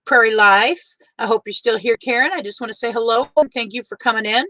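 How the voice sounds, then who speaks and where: Older woman, livestream host, teary, warm and chatty, bright higher voice. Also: brisk, dry recording, low-quality recording. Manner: warm, chatty, greets each viewer by name. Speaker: livestream host greeting viewers. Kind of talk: casual livestream chat.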